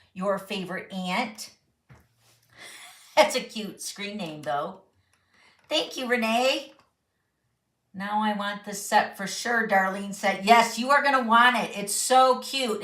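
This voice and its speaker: A woman's voice: medium pitch, bright, forceful tone, reverberant. A woman hosting a live papercraft chat, talking bubbly and casual while reading viewer comments in her home craft studio. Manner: chatty, bubbly, reads comments aloud. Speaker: papercraft host.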